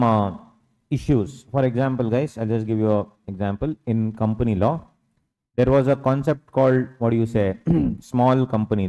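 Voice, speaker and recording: A man's voice: mid-range voice, dark tone, long reverb tail, low-quality recording. A young man with an Indian English accent lecturing on tax law in an online revision class, asking questions and answering them himself. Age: young adult.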